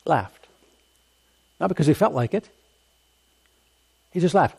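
A male pastor preaches with emphatic, repetitive phrasing. He breaks into deliberate laughs as he makes a point. His voice sits a bit higher than most men's. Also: animated, vocal fry, darkish tone, breathy edge. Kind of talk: sermon.

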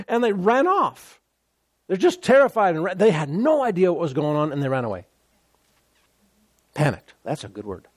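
A man preaching a sermon with call-and-response, animated and repeating words for emphasis. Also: high voice.

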